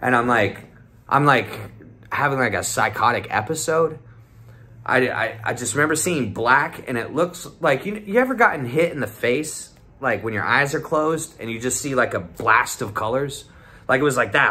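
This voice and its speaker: A young man with a bright, sharp voice tells a wild story in a loose vlog style. He rambles, swears constantly, and acts out his friends' lines as he goes. His pitch sits in the middle range. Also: lively intonation, moderate pace. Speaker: vlogger telling a trip report. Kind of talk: casual storytelling.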